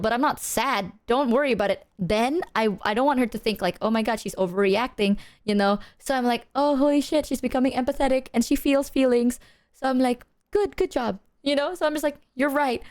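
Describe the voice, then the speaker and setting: A young woman streamer chatting casually, telling an animated story and acting out the quotes. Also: high-pitched, fairly quick. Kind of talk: casual chat.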